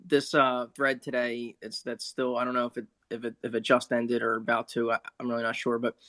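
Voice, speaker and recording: A man in a casual online audio chat, calmly explaining with frequent restarts. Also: mid-range voice, a little fast, no room sound. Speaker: discussion participant explaining the thread. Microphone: phone app audio room.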